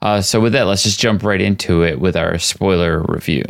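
A man hosting a casual podcast chat, playfully recapping scenes and slipping into quick impressions. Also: sits low, vocal fry, very noisy. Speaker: podcast host.

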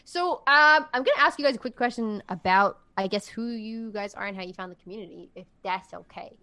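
A woman's voice: medium pitch, a little fast, clear, resonant tone. A woman hosting a casual podcast, telling stories animatedly and laughing often. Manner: animated storytelling with lots of laughing. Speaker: podcast host.

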